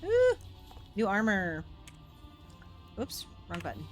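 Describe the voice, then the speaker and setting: A woman's voice: lowish voice, big pitch swings, normal speed, a bit bright, faint music behind. A woman streamer giving giggly, chatty commentary while playing and reading game dialogue aloud. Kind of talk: casual gameplay commentary.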